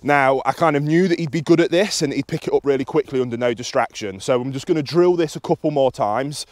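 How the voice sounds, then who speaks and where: A British man, a dog trainer, calmly explaining his method to the camera outdoors while he works a dog. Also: quick pace, no echo. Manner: calm and instructive, with high excited praise to the dog.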